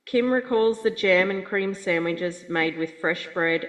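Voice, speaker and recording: A woman giving a measured, fond eulogy for her grandmother at a funeral. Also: on the low side, fairly bright tone. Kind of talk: read eulogy. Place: funeral chapel. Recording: echoey hall.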